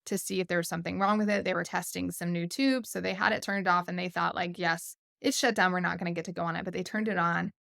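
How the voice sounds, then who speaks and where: A woman in her thirties hosting a podcast, telling a family story in a casual, animated way with frequent laughs and "like" fillers. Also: lowish voice, quick pace, creaky, hardly any pauses, dry recording, studio quality. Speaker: podcast host.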